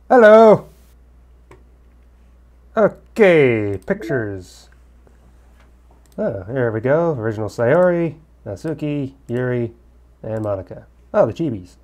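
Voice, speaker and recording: A man's voice: medium pitch, expressive, slow, pauses often, dark tone. Chatty man reading a visual novel. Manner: chatty, joking asides while reading the game text. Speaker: let's-play gamer. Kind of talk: casual game commentary with read-aloud dialogue. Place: at home in Korea.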